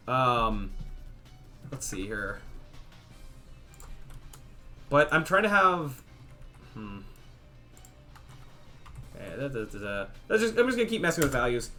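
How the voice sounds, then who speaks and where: Musing young man with lively pitch. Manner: musing, trailing off, restarting sentences. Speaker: game developer streamer. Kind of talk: casual livestream thinking aloud while coding.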